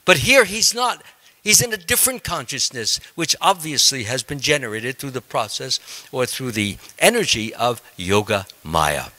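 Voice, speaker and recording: A man, a monk, telling a scripture story in a class, halting with frequent ums and restarts. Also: medium pitch, big pitch swings, pushed and bright.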